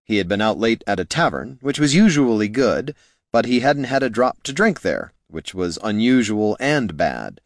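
A man narrating a fantasy audiobook in a wry, expressive storytelling manner. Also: lowish voice, moderate pace, dry recording, clean studio sound.

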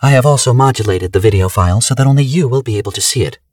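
A man voicing a calm, precise artificial assistant in an audiobook, speaking in a clinical, matter-of-fact way. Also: medium pitch, very fast, dry recording, studio quality, recorded from a distance, pitched above the performer's own voice, close to an everyday voice.

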